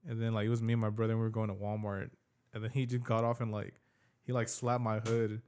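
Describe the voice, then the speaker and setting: A man's voice: fairly low pitch, little pitch movement, quick pace, a little mellow, clean tone. A man hosting a podcast, telling a story in casual, slangy, swearing chat. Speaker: podcast host.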